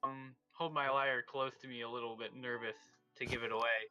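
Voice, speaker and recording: A man's voice: medium pitch, little pitch movement, fairly quick, bright, forceful tone, clear, resonant tone, highs cut off, soft background music. A man playing a tabletop role-playing game, speaking hesitantly and a little nervously. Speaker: player. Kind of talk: casual tabletop role-play.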